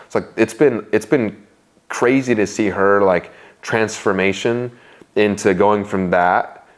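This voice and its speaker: A young man with a very deep, low-pitched voice, speaking as an interview guest. He rambles candidly and loosely, full of fillers and restarts. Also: a little slow. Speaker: guest, business owner. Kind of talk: casual interview talk.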